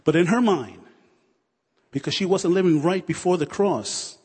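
A man's voice: high-pitched, normal speed, darkish tone, slightly rough. A man in his forties preaching a sermon with fervor, repeating phrases as he builds toward prayer in a church hall. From United States. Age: 40s. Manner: fervent, repetitive, building to prayer. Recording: long reverb of a hall.

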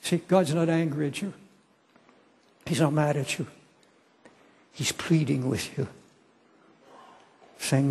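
An older man preaching a sermon and altar call, pleading slowly and repeating his words. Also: on the high side, fairly even intonation, a little mellow, breathy edge, big-room sound.

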